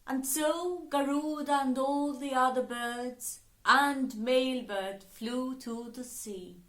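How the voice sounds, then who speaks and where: A woman telling a children's story slowly and expressively, voicing the characters as she goes. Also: high voice. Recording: roomy echo.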